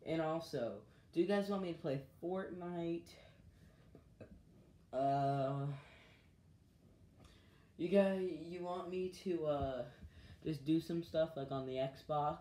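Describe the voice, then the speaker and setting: A man's voice: fairly high pitch, takes it slowly, long pauses, dark tone. A male channel host talking in a rambling, chatty way for a casual gaming vlog, recorded on an iPad. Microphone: iPad mic. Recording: echoey room.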